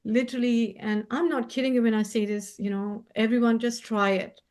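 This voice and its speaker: Over a video call, a woman who is a spiritual healer and co-host chats in a casual, heartfelt way, gentle and effusive and laughing often. Her pitch is fairly high, her intonation fairly even, and she talks fairly quickly.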